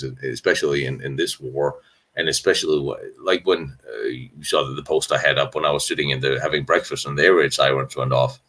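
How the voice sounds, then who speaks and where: A man with a bass voice that's a bit bright hosts a live stream Q&A on battlefield history from indoors while traveling on location. He talks candidly and rambles, tossing in sarcastic asides and often restarting his sentences.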